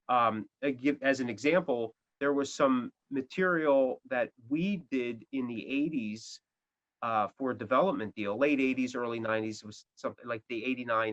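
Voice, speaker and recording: A man's voice: mid-range voice, a bit bright. A man, a band's guitarist, talking casually in an interview, rambling with many restarts and fillers. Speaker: guitarist guest. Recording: dull lo-fi audio.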